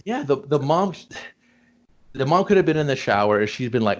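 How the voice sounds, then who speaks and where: A man co-hosting a casual movie review chat, acting out scenes in quick put-on voices. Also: mid-range voice, highs cut off. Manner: animated, acts out characters in quick voices. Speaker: podcast co-host.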